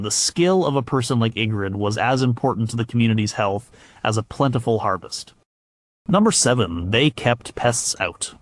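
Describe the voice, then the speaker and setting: A man narrating a scripted history documentary in a measured way, with occasional stumbles and fillers. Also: medium pitch, dry recording.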